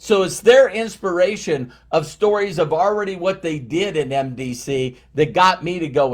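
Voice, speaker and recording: A man's voice: a little high, moderate pace, hardly any pauses. A middle-aged man giving an emphatic motivational talk to his team, repeating key phrases for effect. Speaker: motivational speaker.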